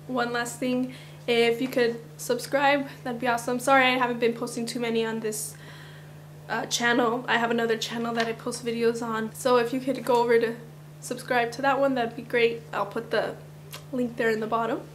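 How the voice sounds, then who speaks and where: Woman vlogger, slightly raised pitch, groggy cracking morning voice, chatty rambling delivery. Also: level tone, moderate pace, slight background noise. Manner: chatty, rambling, with little laughs. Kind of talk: casual fan countdown chat.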